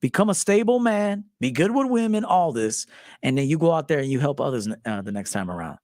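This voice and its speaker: Profane, animated man in his forties. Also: on the high side, brisk, no echo, studio quality. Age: 40s. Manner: profane, animated storytelling with acted quotes and laughs. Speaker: men's life coach. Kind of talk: casual monologue to camera.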